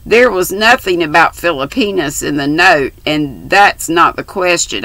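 A woman's voice: fairly low pitch, vocal fry, sharp tone, no room sound, heavily acted, low-quality recording. A woman voicing a stern middle-aged father who speaks curtly and with command. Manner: curt, commanding.

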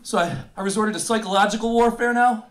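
High-voiced man doing profane stand-up. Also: quick pace. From Buffalo, New York. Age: 30s. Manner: loose, profane, self-mocking storytelling. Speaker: stand-up comedian. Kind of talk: stand-up comedy set. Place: comedy venue with live audience.

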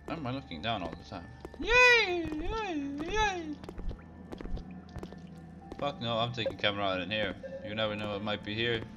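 A young man giving let's play commentary, excitable and swearing, with sudden yelps and shouts. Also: fairly low pitch, racing, hardly any pauses. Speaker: gaming video creator. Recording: game music loud behind voice. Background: game music.

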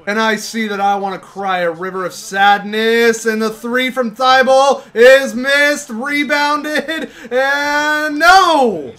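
Young male gaming host with a high, bright voice; excitable play-by-play of his own match. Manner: excitable, shouts at big plays, groans at misses. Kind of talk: live gameplay commentary.

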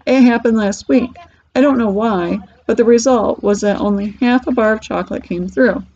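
A woman's voice: a little high, normal speed, warm tone, slight background noise, close to an everyday voice. A woman voicing an eccentric, cheerful man who owns a candy factory, breezy and whimsical, in a storybook reading. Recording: dull lo-fi recording.

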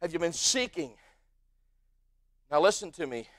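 A male pastor with an American accent preaching a sermon in a church, swinging from quiet asides to shouted peaks. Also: a little high, sing-song, unhurried, no room sound. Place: church sanctuary.

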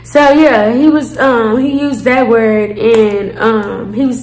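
A woman tells a storytime to her viewers in a chatty, slangy way, full of fillers and asides. Her voice sits a little high. The room has a noticeable echo. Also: fairly even intonation, slow pace, a little mellow, faint music behind. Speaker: storyteller, channel host. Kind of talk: casual storytime vlog.

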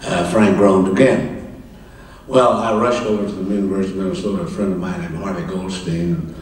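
An older man spins an anecdote in a low voice, stopping for a chuckle and an "uh" now and then. He sounds far from the microphone, and the big room rings around him. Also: fairly even intonation. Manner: anecdotal, chuckling, halting with fillers. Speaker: interview guest. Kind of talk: live stage conversation, storytelling. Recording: roomy, distant mic in a hall.

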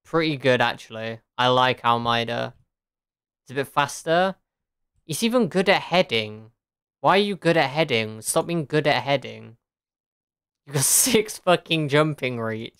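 Streamer woman, casual chatter, swears, laughs a lot, smooth clean voice, dry close sound. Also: rumbling low, expressive, unhurried, fairly bright tone, dry recording. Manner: chatty, laughs often, swears, answers chat. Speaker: game streamer. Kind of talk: casual live-stream chat.

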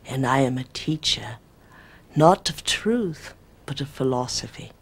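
A woman playing a solemn ancient male spirit teacher; put-on British accent, low-pitched, unhurried declarations. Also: lively intonation, breathy edge, exaggerated voice. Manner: slow, stately pronouncements. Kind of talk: channeling performance.

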